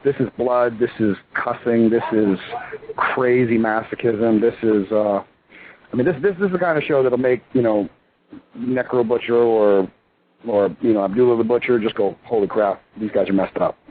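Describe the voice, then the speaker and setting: A man in his thirties, a pro wrestler and interview guest, talking in a rambling, excitable way full of fillers. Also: mid-range voice, moderate pace. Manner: excitable, rambling, full of "you know" and "I mean". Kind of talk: casual phone interview. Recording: tinny phone line with faint hiss.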